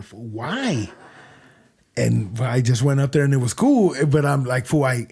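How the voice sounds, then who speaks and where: Gravelly slangy podcast host. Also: male voice, medium pitch, big pitch swings, a little slow, a little mellow. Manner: slangy, rambling, self-doubting. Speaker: podcast host and newer stand-up comic. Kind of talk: casual chat.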